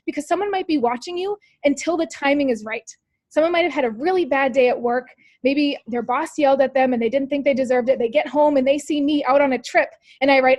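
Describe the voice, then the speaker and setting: A woman's voice: sits high, fast talker, a little mellow, dry recording. A woman leading a motivational team call, upbeat and coaching, talking straight to her listeners with lots of rhetorical questions. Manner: upbeat, peppy coaching, full of "like" and "you guys". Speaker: team leader on a sales call.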